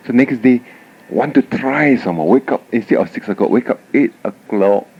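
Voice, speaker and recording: A man's voice: medium pitch, a little fast, slightly rough. Give me a man telling teaching stories in a talk, heard on a dull, lo-fi old tape. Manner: animated storytelling, frequent "huh?" tag questions. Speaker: Buddhist dharma speaker. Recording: dull lo-fi 1989 tape recording.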